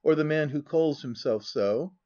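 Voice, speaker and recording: A man playing a smooth, insinuating young gentleman who speaks quietly and measured, on a dull lo-fi audiobook recording. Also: fairly high pitch, close to an everyday voice. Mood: hushed. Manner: quiet and measured, sometimes murmured.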